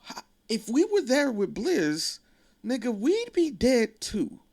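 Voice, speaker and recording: A man voicing a hot-tempered teenage boy who reacts with shrill disbelief. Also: wildly swooping pitch, slow pace, vocal fry, darkish tone, full character voice. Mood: incredulous.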